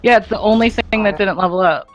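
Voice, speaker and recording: A woman chatting as a player at a tabletop game, giggly and animated. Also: mid-range voice, fast, faint music behind. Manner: giggly, animated when excited. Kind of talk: casual chat at a tabletop game.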